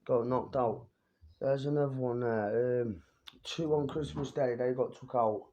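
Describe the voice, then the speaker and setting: A young man brags about the fights he has won, in a mid-pitched voice. He talks loose and streetwise, swearing as he runs through his tales. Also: unhurried, mellow, dull audio. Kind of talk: boastful fight-story vlog.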